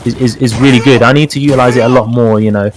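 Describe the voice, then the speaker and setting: A man's voice: mid-range voice, steady tone, rapid-fire, over a noisy crowd. A man with a British accent, a guest specialist chatting casually through a fighting-game tutorial with many fillers and repeated words. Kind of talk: casual gaming tutorial chat.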